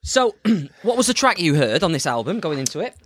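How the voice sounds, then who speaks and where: A man's voice: on the high side, big pitch swings, brisk, fairly bright tone, no echo, clean studio sound. A man co-hosting a music podcast, hesitant in his phrasing and wryly blunt in his opinions. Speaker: podcast co-host. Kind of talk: casual chat about music.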